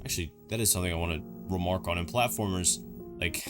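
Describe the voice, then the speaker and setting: A man's voice: sits low, quick pace, over music. A man giving casual, joking reaction commentary on videos, rambling through chatty asides.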